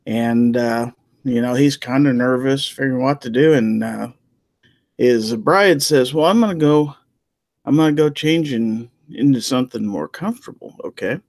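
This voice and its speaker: A man of middle pitch tells a rambling joke in folksy, homespun fashion, checking in with his listeners as he goes. His voice is recorded close and dry. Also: normal speed, darkish tone, no echo. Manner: folksy storyteller, peppering lines with "okay?". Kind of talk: casual joke-telling chat.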